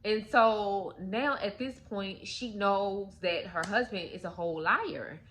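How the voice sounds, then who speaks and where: A woman's voice: medium pitch, takes it slowly, fairly bright tone, a little hiss or hum. A young adult woman hosting a story time channel, casually retelling a story in a chatty way and addressing viewers directly. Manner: chatty, filled with "like" and "you guys".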